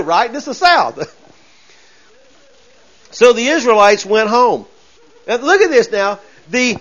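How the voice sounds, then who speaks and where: Animated preacher, high voice. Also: male voice, takes it slowly, pauses often. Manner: folksy, animated, acts out voices and shouts. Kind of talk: sermon. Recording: dull lo-fi sound.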